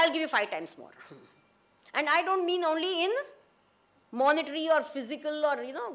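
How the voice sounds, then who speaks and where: Lively high-voiced Indian woman lecturing. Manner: asks the audience questions, mixes in Hindi and Gujarati. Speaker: speaker giving a talk. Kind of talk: lecture to an audience.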